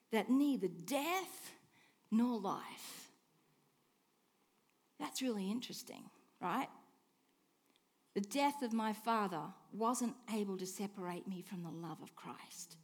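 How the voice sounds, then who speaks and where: A woman preaching a sermon, asking rhetorical questions and swinging between hushed and emphatic lines. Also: mid-range voice, breathy edge. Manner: expressive, swings from soft hush to emphatic declaring; slow, deliberate delivery with rhetorical questions.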